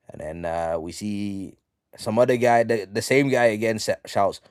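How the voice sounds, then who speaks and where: A man casually recapping a manga chapter on a live stream, slangy and full of ums, reading the quotes out flat. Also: on the low side, moderate pace, smooth, dry recording, clean studio sound. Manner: slangy, reads out quotes flatly, many ums.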